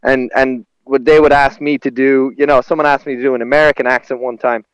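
A man's voice: medium pitch, steady tone, fast talker, smooth, dry recording, poor audio. A man, a stand-up comedian chatting casually, rambling through stories with restarts and laughter. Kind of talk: casual conversation.

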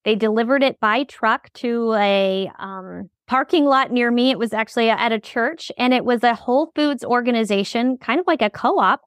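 A woman's voice: a little high, moderate pace, hardly any pauses, no room sound, clean studio sound. A middle-aged woman co-hosting a casual chat, talking in a practical way and summing up the points.

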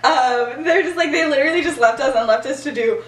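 A young woman casually retelling a story as a podcast host, giggly and animated, with lots of fillers. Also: high-pitched, brisk, recorded from a distance. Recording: echoey room, voice off-mic.

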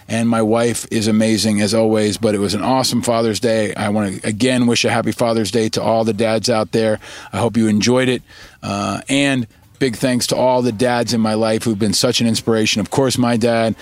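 Middle-aged male podcast host, upbeat and emphatic, mid-pitched voice, casual shout-out read. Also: no room sound. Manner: upbeat, emphatic, repeats for effect.

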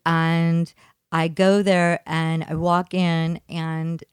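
Low-voiced woman telling stories, dry sound. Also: extremely slow, smooth, no room sound. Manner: animated storyteller, acts out quotes with raised pitch. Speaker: co-host. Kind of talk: casual chat.

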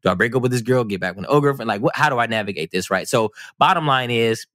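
A man's voice: mid-range voice, expressive, fast, a bit bright, no room sound, clean studio sound. A man telling a personal story on a podcast in a casual, rambling, self-mocking way. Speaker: podcast guest.

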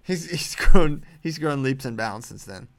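A man co-hosting a podcast, chatting casually about wrestling picks with quick, animated banter. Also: medium pitch. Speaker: podcast co-host. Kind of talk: casual sports chat.

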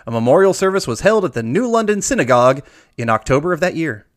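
A man runs a trivia game, reading long questions aloud. His voice sits a little high and moves around a lot in pitch, and he stretches out the words when he announces whether an answer is right. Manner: lively, drawn-out emphasis on answers. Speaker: quiz host.

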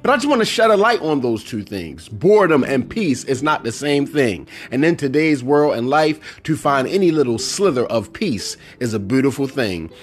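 A man's voice: medium pitch, moderate pace, few pauses, soft background music. A middle-aged man hosting a casual solo podcast, talking animatedly and acting out movie lines. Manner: animated, quotes movie lines in put-on voices. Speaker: podcast host.

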